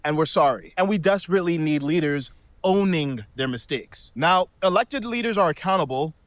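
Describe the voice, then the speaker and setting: A man delivering a scripted commentary clip at a somewhat high pitch for a man. His pacing is measured and reasoned, and the recording sounds dry, with no room echo. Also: animated.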